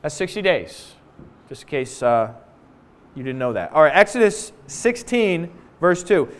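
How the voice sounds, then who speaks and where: A man preaching a sermon to a congregation indoors, animated and jokey in a conversational way. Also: fairly high pitch, normal speed. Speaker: pastor.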